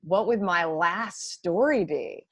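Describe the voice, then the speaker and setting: A woman's voice: fairly low pitch, takes it slowly, husky, no room sound. A woman talking enthusiastically as a guest in a casual interview.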